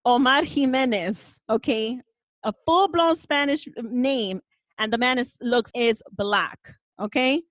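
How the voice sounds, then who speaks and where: A woman's voice: fairly high pitch, lively intonation, slow pace, fairly bright tone, dry recording. A woman hosting a podcast, talking in a passionate, emphatic way and swearing now and then. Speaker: podcast host. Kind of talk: casual podcast conversation.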